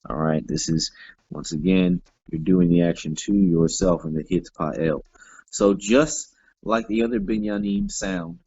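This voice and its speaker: Male teacher, low dark gravelly voice, explanatory classroom delivery full of fillers, dull lo-fi classroom recording. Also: dry recording. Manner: explanatory, frequent fillers and self-corrections. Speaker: Hebrew teacher. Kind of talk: classroom grammar lesson.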